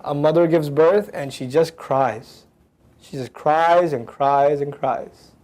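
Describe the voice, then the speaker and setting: A man teaching scripture, reciting Arabic verses quickly and explaining each in casual English. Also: a little high, a little mellow. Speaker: Quran teacher.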